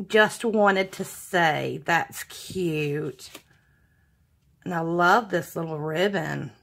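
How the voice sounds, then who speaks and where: Gushing woman, slow and warm-hearted. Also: fairly low pitch, gravelly. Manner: gushing, exclaiming often. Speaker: craft channel host. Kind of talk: casual unboxing vlog.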